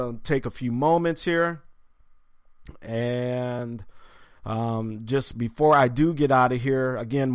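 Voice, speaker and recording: Brief: man, sports podcast host, middle pitch, dry close sound, loose rambling delivery full of ums. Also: smooth, no echo. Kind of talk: casual spoken tribute and storytelling.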